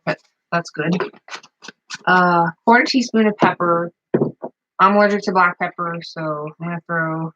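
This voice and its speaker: A woman's voice: fairly low pitch, a bit bright, lo-fi sound. A woman chatting casually as she shows a recipe at her farmhouse table, rambling with plenty of fillers. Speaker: home cook vlogger. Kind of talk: casual cooking demonstration.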